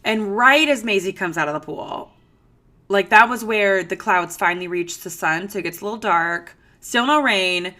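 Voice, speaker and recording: Woman, thirties, podcast host, casual storytelling, animated, filler-heavy, bright tone. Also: mid-range voice, normal speed. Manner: animated, chatty, frequent "like" fillers.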